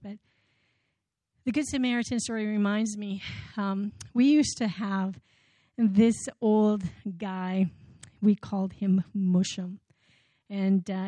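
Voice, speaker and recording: A woman tells personal stories from the front of a room, animated and full of little restarts and fillers. Her voice is warm and mellow, caught dry and close on a microphone. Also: mid-range voice, no echo. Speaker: speaker at a community ministry event. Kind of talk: personal storytelling talk.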